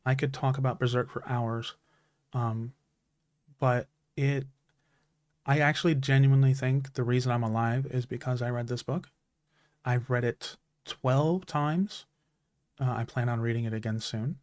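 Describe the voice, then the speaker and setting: A man's voice: medium pitch, a little mellow, dry recording, studio quality. A man in his thirties, a streamer, talking in an earnest, heartfelt way about stories that matter to him, with many restarts. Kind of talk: casual chat.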